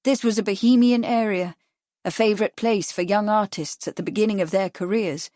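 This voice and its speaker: A woman narrating a mystery audiobook in a calm, measured reading. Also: mid-range voice, no room sound, studio quality. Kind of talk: scripted narration.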